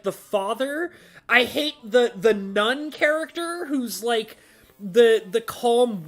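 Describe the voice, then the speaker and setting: Woman venting in a slow, emphatic rant, somewhat high voice, faint music behind. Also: a bit bright. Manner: exasperated, emphatic, repetitive ranting. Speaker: channel host. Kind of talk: casual ranting vlog.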